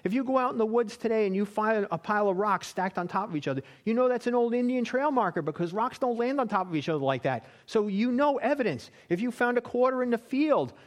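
High-voiced man teaching a Bible class. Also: expressive, fast, few pauses. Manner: chatty, checks in with listeners with "right?".

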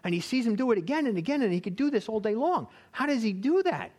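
High-voiced man teaching a Bible class. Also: very animated, fast, darkish tone. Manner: chatty, checks in with listeners with "right?".

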